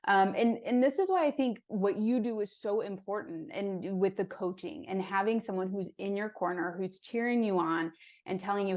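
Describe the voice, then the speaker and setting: A woman's voice: mid-range voice, moderate pace. A woman hosting a podcast interview, affirming her guest and encouraging the listeners. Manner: warmly affirming, encouraging, reads quotes aloud. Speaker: podcast host.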